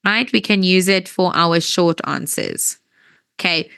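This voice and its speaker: Woman teacher, slow deliberate pace, crisp bright tone, patient, tiring voice, dry close sound. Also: on the low side, no echo. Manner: slow, patient, checks understanding often. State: voice tiring, clears throat. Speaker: English teacher. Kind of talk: classroom grammar lesson. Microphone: wears headphones.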